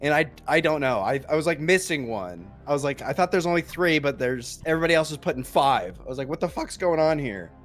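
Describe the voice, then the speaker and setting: A man's voice: on the high side, animated, fast talker, few pauses, fairly bright tone, soft background music. Rambling young man telling a story. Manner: rambling, many fillers and restarts. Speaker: podcast co-host. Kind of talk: casual storytelling chat.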